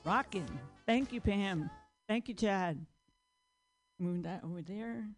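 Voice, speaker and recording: A woman's voice: medium pitch, slow pace, over music. A woman doing a stand-up comedy set on stage, rambling through self-deprecating jokes. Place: stage before a live audience.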